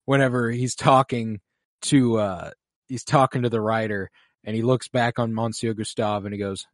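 A man's voice: mid-range voice, moderate pace, no room sound. Male podcast co-host, casual and profane, mid-range voice, dry close mic. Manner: profane, animated, quotes film lines in put-on voices. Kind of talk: casual film discussion.

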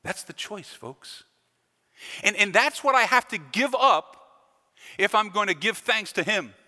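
A man's voice: sits high, expressive, unhurried, bright, forceful tone. A man preaching a sermon as a pastor, with an emphatic delivery that rises and falls. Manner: emphatic, rising and falling delivery with repeated phrases. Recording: long hall reverb.

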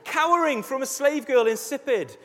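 A man preaching a sermon as a pastor, telling Bible stories in a lively way and acting out the scenes. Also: very high voice, normal speed. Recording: echoey hall reverb.

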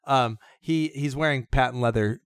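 Excitable, rambling man in dry chat. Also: mid-range voice, moderate pace, clear, resonant tone, no room sound. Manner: rambling, excitable, restarts and asides. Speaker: podcast co-host. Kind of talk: casual chat.

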